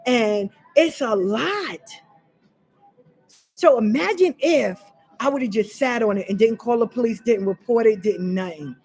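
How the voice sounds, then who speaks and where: This vlogger shares her personal experience in an unscripted monologue aimed right at her audience, whom she calls y'all. She's fiery, blunt and profane, hammering points home through repetition. Her voice is on the high side and expressive, with a darkish, breathy tone and a measured pace.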